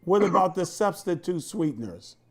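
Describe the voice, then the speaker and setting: A man hosts a casual chat and fires off playful, incredulous questions. His pitch swings widely, giving his voice a very lively sound. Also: normal speed. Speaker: host.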